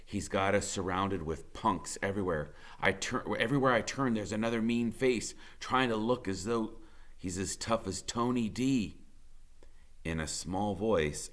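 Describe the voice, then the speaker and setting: A man, a teacher, reading a novel aloud in dramatic first-person narration that drops to a hush for tense moments. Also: low-pitched, unhurried.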